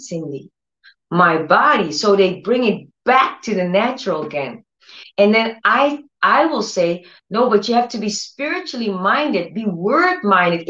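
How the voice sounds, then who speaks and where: A woman's voice: fairly high pitch, expressive, measured pace, fairly bright tone. A woman teaching on faith and healing with passion, acting out the voices of doubters and repeating phrases for emphasis. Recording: roomy, slightly dull audio.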